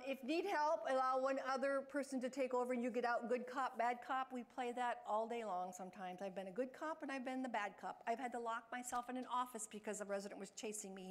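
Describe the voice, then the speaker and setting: A woman leading a care staff training session, talking fast and chatty, acting out example lines in a brighter voice. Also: a little high. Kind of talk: in-service training talk.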